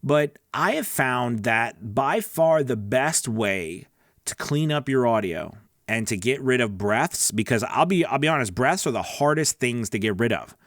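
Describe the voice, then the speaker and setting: A man's voice: medium pitch, expressive, measured pace, a bit bright, dry recording. Chatty man coaching voice work, dry sound. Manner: earnest, chatty, says "right?" often, restarts. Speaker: voice-over coach. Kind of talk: casual teaching monologue.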